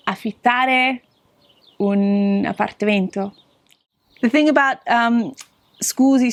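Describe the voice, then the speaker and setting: A woman gives a casual spoken lesson on Italian phrases, chatting with frequent restarts and slowing down to model each phrase. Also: on the high side, dry recording. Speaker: Italian language teacher.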